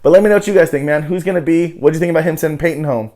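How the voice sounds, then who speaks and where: A man's voice: fairly high pitch, racing, dark tone. A man hosting a casual reality-TV recap show, talking loosely with plenty of swearing and filler words. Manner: loose, profane, heavy on "you know" fillers.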